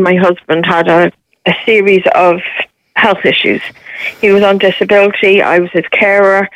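A woman's voice: medium pitch, fairly bright tone, no echo, highs cut off. Matter-of-fact Irish woman caller. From Ireland. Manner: measured and matter-of-fact, laying out facts step by step. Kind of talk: phone-in interview.

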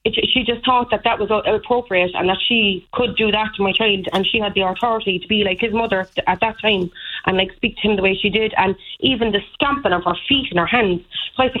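A woman's voice: mid-range voice, quick pace. A woman in her thirties comes through a thin, tinny phone line. She tells her story in an indignant, rambling way, full of fillers. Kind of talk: telling a personal story.

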